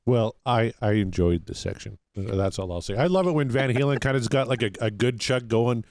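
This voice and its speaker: Easygoing podcast host, dry sound. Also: male voice, medium pitch, normal speed, a little mellow, dry recording. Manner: easygoing, conversational, leads the talk. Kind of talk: casual chat about music.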